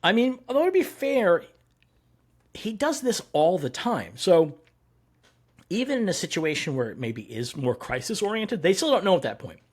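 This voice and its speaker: A man's voice: high voice, big pitch swings, normal speed. A man co-hosting a podcast, chatting casually about comics, swearing freely and acting out quotes. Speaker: podcast co-host. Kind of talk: casual comic-book discussion.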